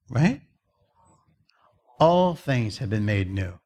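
A man's voice: very animated, measured pace, vocal fry. A man preaching an evangelistic sermon, emphatic and repetitive, telling stories. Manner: emphatic, repetitive, dramatic shifts of pitch.

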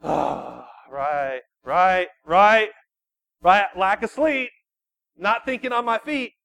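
A man, a youth pastor, giving an animated sermon full of personal storytelling and quick restarts. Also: high-pitched, vocal fry. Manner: animated, self-deprecating storytelling with frequent restarts.

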